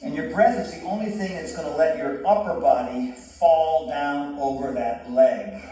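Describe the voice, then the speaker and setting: A man's voice: fairly high pitch, moderate pace, lo-fi sound. A man leading a guided yoga session in a casual, encouraging and self-joking way. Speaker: yoga instructor. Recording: echoey room, distant mic, soft music.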